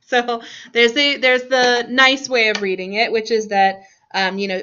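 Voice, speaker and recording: A woman teacher with a bright, lightly high voice leads a grammar lesson in a classroom. She laughs often and asks her students friendly questions. The recording is dull and lo-fi. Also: fairly even intonation, moderate pace.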